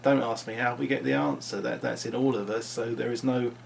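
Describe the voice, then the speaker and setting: A man with a gravelly, creaky voice muses through an unscripted vlog monologue. His pitch sits mid-range for a man, and he wanders from thought to thought, often restarting his sentences. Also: level tone, a little fast, a little hiss or hum. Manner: rambling, musing, with frequent restarts. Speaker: vlogger.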